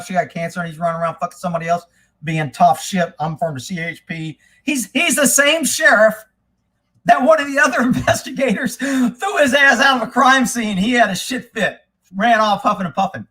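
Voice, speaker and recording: A man with a fairly high voice tells rough, profanity-laced stories in casual talk. He slips into the voices of the people he quotes as he goes. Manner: animated, swears often, acts out quoted people. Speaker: podcast host telling stories.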